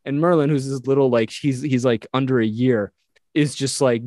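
A man casually retelling a medieval legend on a podcast, animated and acting out the characters he quotes. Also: mid-range voice, a little fast, no echo. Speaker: podcast co-host. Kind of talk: casual storytelling chat.

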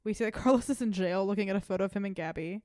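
A young woman co-hosting a podcast, recapping a TV episode in casual chat, animated, swearing freely and laughing often. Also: medium pitch, racing, no room sound, studio quality. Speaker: podcast co-host.

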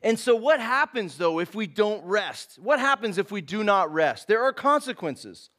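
A man's voice: sits high, very animated, moderate pace, pushed and bright. A man preaching a sermon in a casual, conversational way, calling people man and dude. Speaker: pastor.

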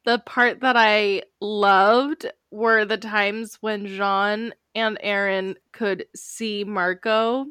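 A woman co-hosting a podcast, chatting casually, expressive and quick to laugh and get emotional. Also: mid-range voice, clean tone, no echo, studio quality. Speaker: podcast co-host. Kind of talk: casual chat.

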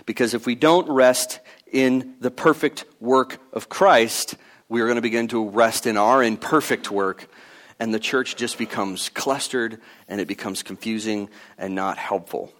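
A man's voice: medium pitch, a little slow, a bit bright. A man in his thirties preaching a sermon in an earnest, conversational way, with casual asides. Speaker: pastor.

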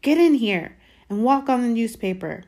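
A woman's voice: fairly high pitch, animated, moderate pace, darkish tone, voice pushed up. A woman reading aloud and voicing a strict, snappish middle-aged aunt barking short orders. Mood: snapping.

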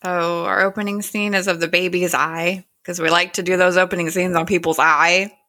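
A woman's voice: lowish voice, level tone, moderate pace, sharp tone. A woman co-hosting a podcast, chatting casually and reacting openly as she recaps a TV episode. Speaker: podcast co-host.

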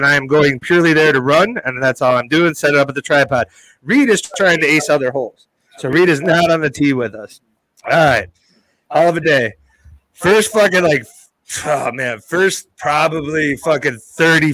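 Man, podcast co-host, bright forceful tone, dry close sound, profane and animated storyteller. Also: on the high side, dry recording, rough recording. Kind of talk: casual storytelling chat.

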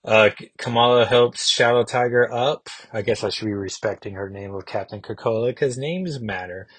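A man's voice: mid-range voice, moderate pace, a bit bright, breathy edge, no echo. A man hosting a comic book podcast, recapping an issue in a casual, musing way and thinking aloud with small restarts.

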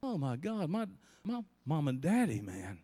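A middle-aged man preaching a sermon, telling stories with big swings between loud and soft. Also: huge pitch swings, a little slow, slightly rough, long reverb tail. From Southern US. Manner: storytelling preacher with big swings in pitch and volume. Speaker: pastor.

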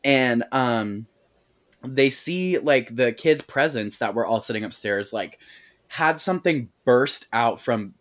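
A man's voice: mid-range voice, takes it slowly, fairly bright tone. A man co-hosting a podcast, recapping a horror movie in a casual, profane, storytelling way and slipping into quoted voices. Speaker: podcast co-host.

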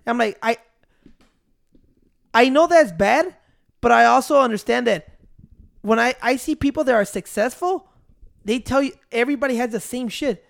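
A young man chatting casually in a rambling, profane, animated way, switching between English and Spanish. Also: very high-pitched, moderate pace, vocal fry, pauses often.

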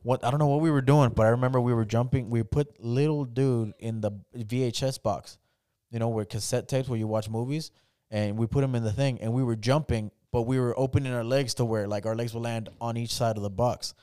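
A man's voice: mid-range voice, steady tone, brisk, dark tone, clear, resonant tone, dry recording, clean studio sound. A young man hosting a casual podcast, telling stories in a loose, profane way. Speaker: podcast host. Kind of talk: casual chat.

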